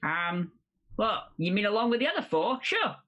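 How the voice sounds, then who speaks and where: A player in casual tabletop game chat, animated and swearing, voice jumping when excited. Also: mid-range voice, moderate pace.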